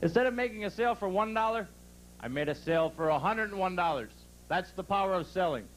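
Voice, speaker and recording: A man's voice: sits high, lively intonation, fast, a little hiss or hum, pitched above the performer's own voice, low-quality recording. A man voicing a persuasive male store salesman in a stand-up joke, delivered live. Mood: boastful.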